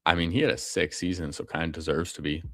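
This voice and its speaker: A man's voice: extremely low pitch, fairly even intonation, quick pace, no echo, clean studio sound. A man streaming a fantasy football draft, talking casually and slangily with viewers. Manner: casual, slangy, calls people bro and man. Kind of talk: casual live commentary.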